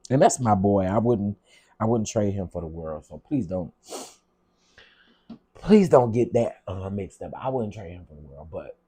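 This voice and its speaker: Dark husky male livestreamer, chatty. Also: lowish voice, lively intonation, unhurried. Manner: chatty, greets viewers by name, repeats himself; heartfelt, on the edge of tears at times. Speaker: livestream host reading viewer comments. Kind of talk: casual livestream chat.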